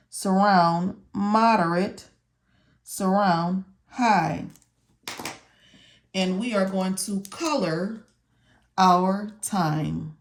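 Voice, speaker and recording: A woman teaching medical coding, walking viewers step by step through a study lesson and repeating her instructions and questions as if they could answer. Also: medium pitch. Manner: slow, repetitive, talks to viewers as if they can answer.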